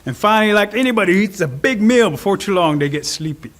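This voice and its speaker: Male storyteller, high voice, animated oral telling of a folk tale. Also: fast. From Cherokee Nation. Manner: animated, expressive.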